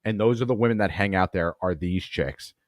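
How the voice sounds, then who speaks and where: Podcast host from Long Island, low voice, dry close sound, profane storyteller. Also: male voice, a little fast, no echo. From Long Island, New York. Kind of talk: casual comedy podcast commentary.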